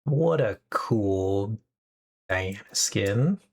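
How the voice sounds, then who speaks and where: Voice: low voice, animated, very slow, creaky, a little mellow. A young adult live streamer chatting casually and rambling with upbeat asides, from a home streaming setup.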